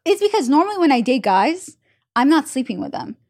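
A woman's voice: high-pitched, very animated, brisk, a little mellow, no room sound, studio quality. A young woman with an Israeli accent hosting a podcast, telling rambling, self-mocking confessions in a candid way. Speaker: podcast host. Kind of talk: candid casual chat.

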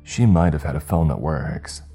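A doubting, dismissive young man, as a male narrator plays him in a horror story. The voice is low, dark and husky. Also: normal speed, soft background music, heavily acted. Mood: scoffing. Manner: scoffing, dismissive. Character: skeptical scoffing young man.

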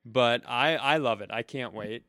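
A man's voice: mid-range voice, a little slow, pushed and bright, smooth, no echo, clean studio sound. A man with an Upper Midwest American accent co-hosting a comedy podcast, rambling through a story in casual chat and acting out other people's lines. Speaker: podcast co-host.

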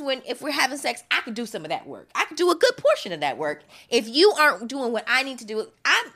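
A woman speaking frankly in a candid casual podcast chat, animated and full of restarts. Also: high voice, quick pace, hardly any pauses.

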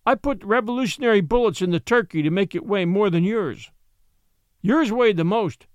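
A man's voice: high-pitched, normal speed, dry recording, lo-fi sound, voice pushed up, lightly acted. A man voicing a remorseful little girl from old times, speaking tearfully and earnestly.

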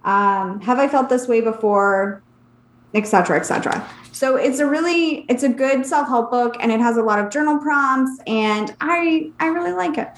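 A woman co-hosting a podcast, describing self-help books in an easy, hesitant chat. Her voice is a little high and sounds roomy, with echo around it. She pauses often with "um". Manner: relaxed, hesitant, many "um"s. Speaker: podcast co-host. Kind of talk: casual chat about books.

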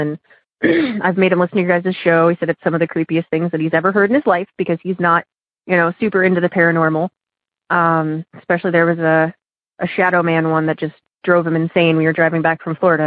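A woman's voice: on the low side, no echo. Woman on a tinny phone line. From Ohio, USA. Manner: chatty, laughing, fillers. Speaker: caller. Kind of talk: casual phone-in story.

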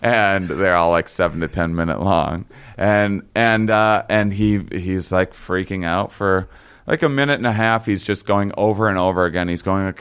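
A young man telling a long story in casual chat, halting and rambling with many fillers and restarts. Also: low voice, steady tone, fairly bright tone, smooth.

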